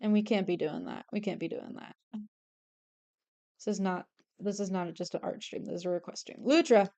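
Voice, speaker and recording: A young woman streamer chatting casually while she draws, excitable and swearing freely. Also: fairly low pitch, normal speed. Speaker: artist streamer. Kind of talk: casual chat while drawing.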